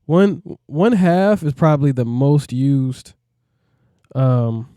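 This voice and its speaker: A man's voice: medium pitch, expressive, takes it slowly, warm tone, smooth, dry recording, clean studio sound. A man, a music producer, walking through a plugin in a laid-back, rambling way, often asking "you know what I mean". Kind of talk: casual tutorial walkthrough.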